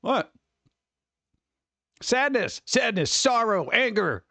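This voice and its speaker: A man's voice: sits high, very animated, takes it slowly, bright, forceful tone, dry recording. A middle-aged man hosting a casual stream, rambling loosely, swearing and acting out the people he talks about. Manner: over-caffeinated. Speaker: streamer host. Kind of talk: casual rambling chat with viewers.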